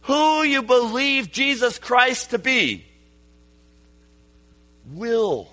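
Male preacher, high and bright voice, dynamic sermon delivery, light mains hum behind. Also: big pitch swings, drawn-out words, pauses often. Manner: dynamic preaching, swinging from hushed to shouted. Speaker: pastor.

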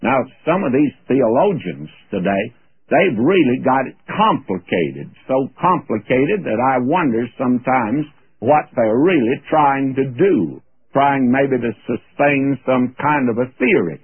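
A man delivers a radio Bible teaching sermon in a husky, lively voice that rises and falls freely. His manner is folksy and anecdotal, with emphatic turns. The sound is dry and tinny, like an old radio broadcast. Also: medium pitch, a little slow, dry recording. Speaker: preacher.

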